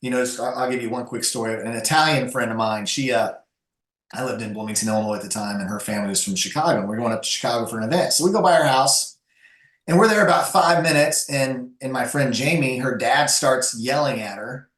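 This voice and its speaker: Animated man telling stories in an echoey room. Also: mid-range voice, fast. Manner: animated, lively storyteller with frequent restarts. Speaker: guest. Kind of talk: conversational storytelling.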